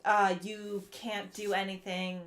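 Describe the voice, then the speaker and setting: A woman playing in a tabletop game, excited and chatty. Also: medium pitch, slow. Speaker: player.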